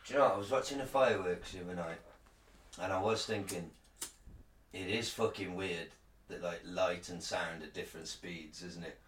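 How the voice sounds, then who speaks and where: A British man co-hosting a podcast, sweary and rambling, with loud joking outbursts. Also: deep voice, normal speed, a little hiss or hum. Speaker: podcast co-host. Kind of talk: casual chat. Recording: roomy, distant mic, faint ambience.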